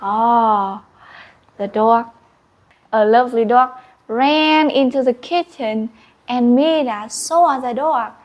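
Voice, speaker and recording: Casting: woman teacher, animated storyteller, high and very slow. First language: Vietnamese. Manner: animated, with sound effects and gasps. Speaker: English teacher. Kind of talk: storytelling lesson.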